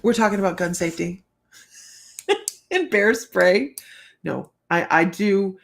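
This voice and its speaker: A woman's voice: medium pitch, expressive, takes it slowly, vocal fry. A woman hosting a casual live stream as a psychic reader, telling rambling stories and laughing often. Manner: rambling, chatty, laughs often, many fillers. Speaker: psychic reader and show host.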